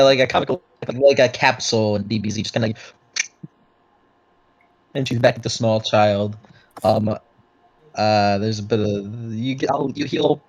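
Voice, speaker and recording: A man's voice: fairly low pitch, darkish tone, highs cut off. Rambling male game master. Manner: loose, rambling narration full of fillers and swearing. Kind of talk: narrating a tabletop game.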